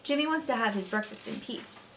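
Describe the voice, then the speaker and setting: A woman's voice: a little high, a little fast, close to an everyday voice. Woman doing an exasperated older brother. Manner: loud and exasperated.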